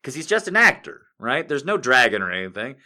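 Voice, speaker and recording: A man doing a profane, exasperated stand-up rant, mocking what he describes with quick impressions. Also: mid-range voice, very animated, pushed and bright. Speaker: comedian.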